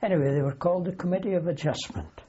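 A man's voice: on the high side, quick pace, warm tone, lo-fi sound, a little hiss or hum. An older man, a wartime aircrew veteran, telling a long anecdote in an oral history interview. He rambles, corrects himself as he goes and keeps a dry humour.

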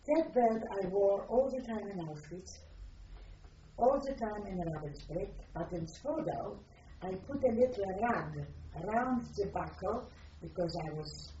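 An older woman from Poland, giving personal testimony in a reflective, halting way as she searches for words. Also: medium pitch, mellow, slight background noise. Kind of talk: personal testimony, recalled aloud. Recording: distant roomy lo-fi recording.

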